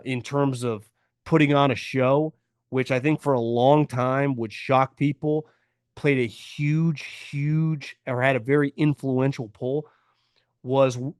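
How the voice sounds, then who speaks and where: A man's voice: mid-range voice, no echo, clean studio sound. A man hosting a sports podcast, giving blunt, opinionated commentary in a casual way and stressing points by repeating them. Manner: blunt, opinionated, emphatic repetition.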